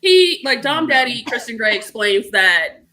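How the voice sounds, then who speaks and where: A woman's voice: fairly high pitch, sing-song, a little slow, bright, forceful tone. A young woman chatting casually, animatedly retelling a story with swearing and acted-out quotes. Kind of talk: casual chat.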